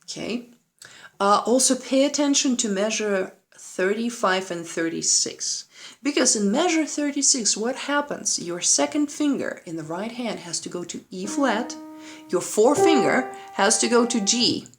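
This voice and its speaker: A woman's voice: a little high, expressive, unhurried. A woman piano teacher giving a play-along lesson, patiently explaining and counting rhythms aloud, with a piano playing behind her. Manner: patient, checks in with "right?" often; counts and sings rhythms aloud while demonstrating. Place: room with a piano.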